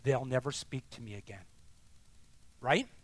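A man preaching a sermon as pastor, emphatic and deliberate, sometimes dropping to a hushed near-whisper. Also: mid-range voice, expressive.

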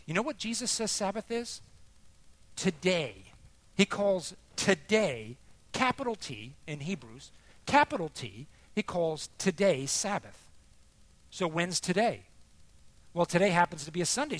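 A man preaching a sermon, expressive and emphatic, dropping soft and then rising for emphasis. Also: sits high, unhurried, long pauses, no room sound.

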